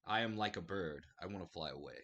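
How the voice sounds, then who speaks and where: Male tabletop player, quiet offhand talk, deep husky voice. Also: expressive, fast talker, highs cut off. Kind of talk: casual game chat.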